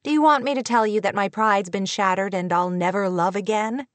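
A woman's voice: medium pitch, brisk, dry recording, close to an everyday voice. A woman voicing a patient young woman who sounds lightly exasperated but gracious. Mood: wry.

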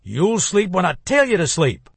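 A man's voice: a little high, expressive, normal speed, creaky, a bit bright, breathy edge, no room sound, pitched above the performer's own voice, heavily acted. A man voicing a stern old grandfather who barks orders and demands answers. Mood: stern demanding. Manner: barking, commanding. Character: stern, gruff old grandfather, domineering patriarch.

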